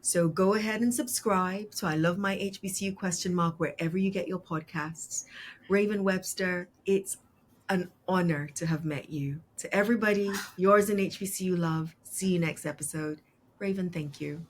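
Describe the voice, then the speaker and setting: A woman's voice: on the low side, moderate pace, slight background noise. A woman hosting a podcast interview, conversational and easily moved, laughing often. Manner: emotional, tearful at times, laughs easily. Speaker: podcast host.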